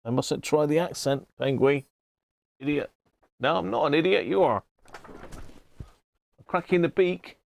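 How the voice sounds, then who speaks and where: A man's voice: a little high, unhurried, creaky, pauses often, dry recording. A man hosting a casual livestream, chatting with viewers by name and stumbling over unfamiliar words. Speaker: livestream host. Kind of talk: casual live chat.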